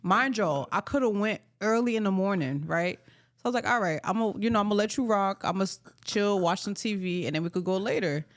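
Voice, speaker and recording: A woman's voice: medium pitch, a little fast, no echo, studio quality. A woman co-hosting a casual podcast, teasing her friend and telling stories. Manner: playful, teasing storyteller. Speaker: podcast co-host. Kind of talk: casual chat.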